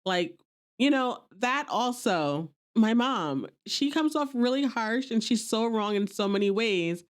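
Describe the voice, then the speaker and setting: A woman's voice: fairly high pitch, animated, a little slow. A woman hosting a podcast, chatting casually as she recaps an episode and quotes characters playfully.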